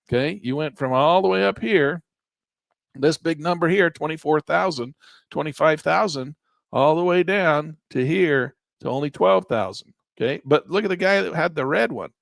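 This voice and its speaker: A man teaching a live trading session, talking through charts and spreadsheets in an animated, sarcastic, conversational way. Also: mid-range voice, gravelly, no echo. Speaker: trading instructor. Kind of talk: live trading training, screen walkthrough.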